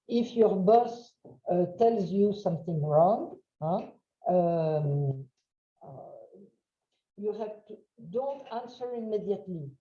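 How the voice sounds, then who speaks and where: A woman with a French accent giving a webinar lecture, halting with many fillers and checking in with "huh?". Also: mid-range voice, warm tone. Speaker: webinar trainer. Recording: roomy, dull lo-fi sound.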